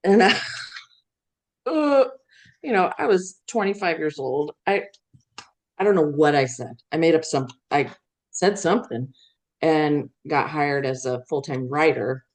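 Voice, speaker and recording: A middle-aged woman from Iowa with a notably low voice. She talks casually in an interview, rambling through her story with fillers and light laughs. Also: lively intonation, a little slow, pauses often. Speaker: guest, veteran news executive.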